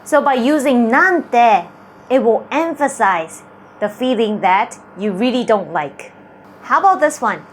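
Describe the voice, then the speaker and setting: A woman teaching a language grammar lesson, explaining slowly and carefully and reading out example sentences deliberately. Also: a little high, lively intonation, a little hiss or hum.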